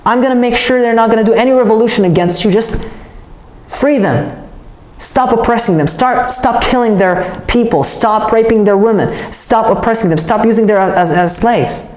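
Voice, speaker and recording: A woman's voice: fairly high pitch, moderate pace, darkish tone, pitched above the performer's own voice, close to an everyday voice. A woman storyteller speaking as a steadfast male prophet who talks firmly and plainly, in a roomy-sounding recording. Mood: pleading. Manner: firm, plain-spoken pleading. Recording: roomy echo.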